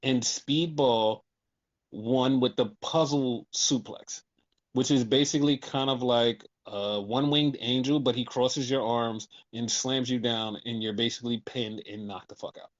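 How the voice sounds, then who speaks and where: Animated, profane man recapping wrestling. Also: mid-range voice, a little slow, lo-fi sound. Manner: animated, profane, acts out quotes. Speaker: podcast host recapping wrestling. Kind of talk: casual chat.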